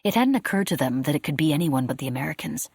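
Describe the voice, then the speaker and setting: Low, husky woman narrating an audiobook. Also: no room sound, clean studio sound. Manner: steady, measured storytelling.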